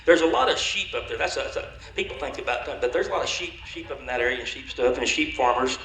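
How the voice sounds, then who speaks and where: A man's voice: medium pitch, fairly quick, creaky, a bit bright. A man doing folksy comedy banter on stage, rambling and chuckling through tongue twisters. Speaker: comedy show performer. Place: convention dinner show hall. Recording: echoey hall on stage mic.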